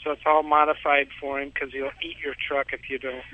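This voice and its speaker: A man's voice: fairly high pitch, level tone, fairly quick. Rambling man calling in over a tinny phone. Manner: rambling, repeats words, laughs often. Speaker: caller. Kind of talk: casual phone-in storytelling. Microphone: telephone. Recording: tinny phone line, dry.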